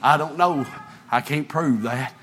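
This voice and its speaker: A man's voice: mid-range voice, unhurried, a bit bright, slight background noise. A man preaching an impassioned sermon and reading scripture aloud.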